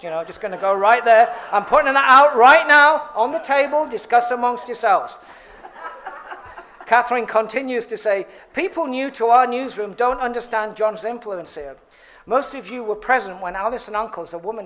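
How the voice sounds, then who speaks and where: A man reading an award tribute speech at a podium, with playful asides and laughing at his own script. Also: high voice. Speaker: award presenter. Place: banquet hall at an awards dinner.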